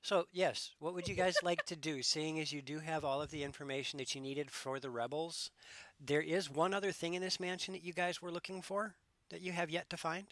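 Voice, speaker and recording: A man acting as game master, explaining the story in a relaxed way to his players at home. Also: on the high side, brisk, no room sound. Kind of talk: narrating a tabletop game. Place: home room.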